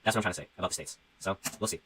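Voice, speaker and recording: A man's voice: low-pitched, rapid-fire, a bit bright, slight background noise, low-quality recording. A young man who talks casually and profanely as he rambles on a livestream, reading out donations and musing about his music. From Canada.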